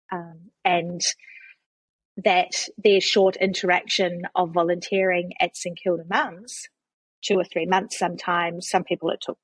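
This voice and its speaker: Chatty New Zealand woman guest, husky low voice, dry close sound. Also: no echo, poor audio. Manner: chatty storyteller with frequent restarts and laughs. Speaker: guest, charity CEO. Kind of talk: casual conversational interview.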